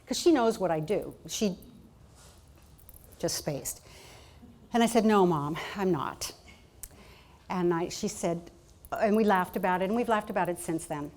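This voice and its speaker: A woman speaking as a keynote at a conference, telling personal stories with energy. She slips into quoted voices as she goes, pitch jumping up for the people she plays. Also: measured pace, pauses often. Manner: animated, acts out quoted voices. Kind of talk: storytelling conference speech. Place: conference hall.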